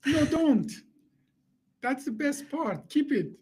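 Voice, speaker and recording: A man's voice: extremely high pitch, sing-song, slow, a little mellow. A man hosting a casual live conversation, talking with many fillers and restarts and slightly non-native grammar, joking and laughing often. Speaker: host.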